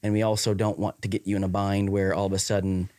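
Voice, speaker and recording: A man's voice: on the low side, little pitch movement, fast talker, a little mellow, no echo. A man with a Wisconsin accent in casual podcast chat, rambling with many fillers and restarts. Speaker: podcast co-host.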